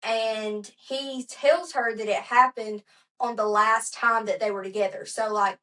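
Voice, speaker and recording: A woman's voice: a little high, steady tone, unhurried, sharp tone, poor audio. A woman hosting a podcast, narrating a true crime story in a chatty, conversational way with asides. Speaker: podcast host.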